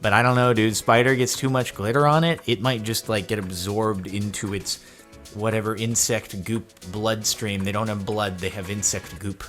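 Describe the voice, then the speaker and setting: A man's voice: fairly low pitch, normal speed, faint music behind. A young man hosting a reaction video, rambling and joking in casual commentary. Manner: animated, rambling, jokey.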